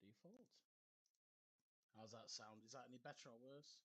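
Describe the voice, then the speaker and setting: A man's voice: medium pitch, animated, moderate pace, sharp tone. A man streaming a game, muttering to himself and chuckling while he fiddles with his computer microphone. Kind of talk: casual live stream chat. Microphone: desktop computer microphone.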